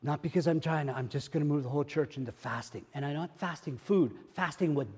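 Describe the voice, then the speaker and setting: An older man preaching a sermon as pastor, repeating phrases and swinging from hushed murmurs to loud exclamations. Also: on the high side, quick pace, slightly rough, long reverb tail. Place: church.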